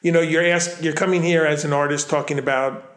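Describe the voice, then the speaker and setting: A man's voice: fairly high pitch, steady tone, a little fast, fairly bright tone. Rambling Long Island man, roomy sound. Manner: rambling, restarts and self-corrects often. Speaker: artist and curator, interview guest. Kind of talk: casual interview conversation. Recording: roomy echo.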